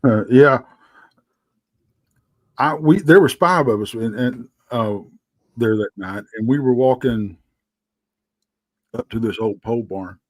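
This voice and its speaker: A man with a Texan accent, telling a story as a guest, rambling and halting with lots of fillers. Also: medium pitch, no room sound. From Texas. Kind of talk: casual storytelling.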